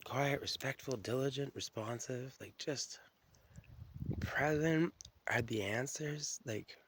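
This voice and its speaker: A man's voice: mid-range voice, slow, background noise. A man telling stories in a rambling, profane, stream-of-consciousness solo monologue, often restarting his sentences.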